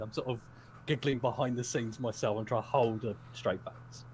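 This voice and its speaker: A man's voice: mid-range voice, steady tone, brisk, a little mellow. Man, casual storyteller, rambling and giggly; faint hum behind. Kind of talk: casual chat.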